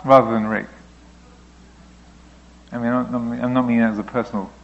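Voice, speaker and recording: A man with a gravelly, creaky voice answers a student's question as a meditation teacher, reflective and unhurried in his explaining. He sits at a middle pitch and sometimes voices thoughts aloud. The recording sounds dull and lo-fi. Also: level tone, slight background noise. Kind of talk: dharma talk Q&A.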